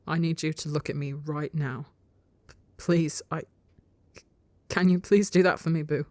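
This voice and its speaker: A woman's voice: lowish voice, slow pace, no room sound. A woman voicing a shy, stammering young male insect-like creature who talks hesitantly and flustered. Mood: gentle pleading.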